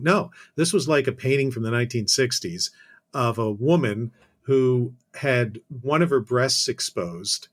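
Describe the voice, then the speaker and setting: Canadian man, podcast guest, rambling anecdote, dry asides, mid-pitched voice. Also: moderate pace. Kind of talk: casual storytelling.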